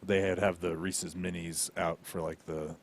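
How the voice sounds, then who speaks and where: Low-voiced man chiming in casually. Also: little pitch movement, normal speed. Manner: reacts briefly, chimes in with jokes. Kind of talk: casual chat.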